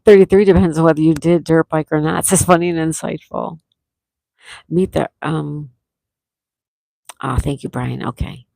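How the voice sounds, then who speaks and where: A woman hosting a live-stream trivia game, reading viewers' answers aloud and repeating each question slowly. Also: deep voice, fairly even intonation, creaky, warm tone, dry recording. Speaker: trivia host.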